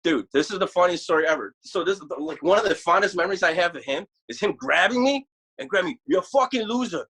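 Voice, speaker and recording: A man guest telling rambling, animated, profanity-filled road stories in a casual chat. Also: sits high, quick pace, slightly rough, low-quality recording. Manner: rambling animated storyteller, swears a lot. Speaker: guest musician.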